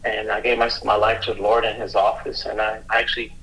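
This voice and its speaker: A middle-aged man, a police officer, telling a personal story in a halting, earnest way, often restarting his sentences. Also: lowish voice, little pitch movement, bright, forceful tone, rough recording. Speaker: police officer and youth mentor, guest.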